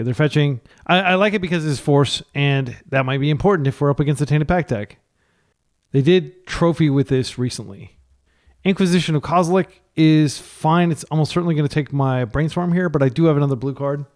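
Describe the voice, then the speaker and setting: A man's voice: fairly high pitch, fairly quick, a little mellow. A man from the United States giving live, chatty commentary on his card game, thinking aloud and correcting himself as he plays. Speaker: gameplay commentator.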